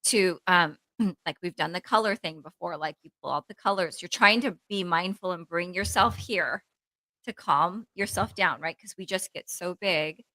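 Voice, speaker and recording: A bright, forceful woman's voice in a casual podcast chat, rambling and animated, with plenty of "like" as she acts out her own inner voice. She speaks as a therapist, and the sound is close and dry, with no room in it. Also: on the low side, normal speed, dry recording, rough recording. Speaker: therapist co-host.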